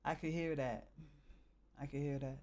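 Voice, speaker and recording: A man from the northern United States, chatting casually on a live stream and thinking out loud in a halting, rambling way. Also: mid-range voice, fairly even intonation.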